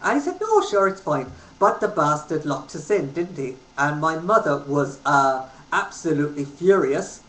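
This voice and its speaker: Sitting in a room at home, a man from England in his thirties tells travel tales to his webcam, meandering and full of ums. His pitch is fairly high and slightly bright, his speed normal, with hardly any pauses, and the recording is roomy with light hiss.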